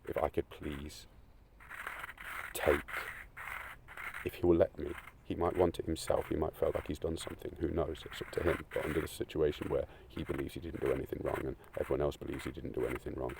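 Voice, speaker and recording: Gravelly deep man, tearful monologue. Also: flat delivery, a little fast, background noise. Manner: rambling, swearing, swings between loud and hushed. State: crying. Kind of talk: emotional unscripted monologue.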